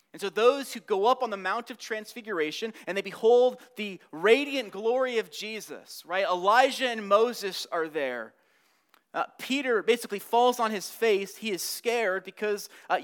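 A man preaching a sermon, earnest and meditative, repeating key words, building up and then dropping to a hush. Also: high voice, clear, resonant tone. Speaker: pastor.

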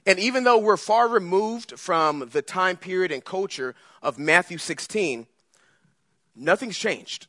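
A man preaching a conversational sermon in an animated way, speaking straight to his listeners. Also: on the high side, dry recording. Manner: animated, conversational, acts out scripture voices.

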